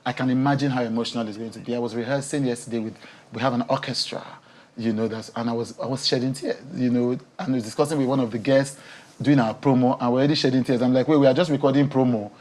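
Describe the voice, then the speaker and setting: Woman talk show host on a tv studio couch, animated and emotional, laughs a lot. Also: a bass voice, quick pace. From Nigeria. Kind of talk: TV studio interview.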